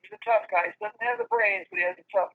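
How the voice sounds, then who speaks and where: A man's voice: sits high, very animated, fast. A male interview guest who lectures emphatically and insistently in a muffled, lo-fi recording. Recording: dull lo-fi audio.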